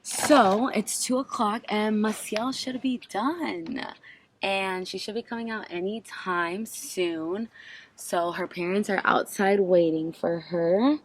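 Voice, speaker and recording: A woman fills in on camera for her friend, speaking slowly and sounding a little self-conscious. Her voice sits at a middle pitch, and clear noise runs behind the phone recording. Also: poor audio. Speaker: friend of the vlogger. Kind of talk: casual vlog.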